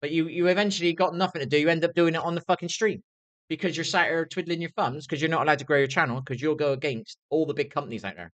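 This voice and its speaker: A man's voice: on the high side, fast. A young man livestreaming an angry, swear-filled rant, often asking "do you know what I mean". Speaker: streamer.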